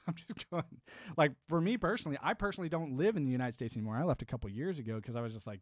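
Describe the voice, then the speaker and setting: A man's voice: medium pitch, expressive, fast, dry recording, clean studio sound. A man in his thirties hosting a livestream, chatting casually and rambling with restarts while answering chat. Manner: rambling, restarts, laughs to himself. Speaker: livestream host.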